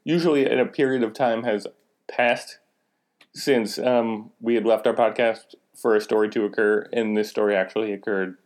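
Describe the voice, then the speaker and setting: Male podcast co-host, lowish voice, rambling and frank storyteller. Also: steady tone, moderate pace. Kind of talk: casual comic storytelling.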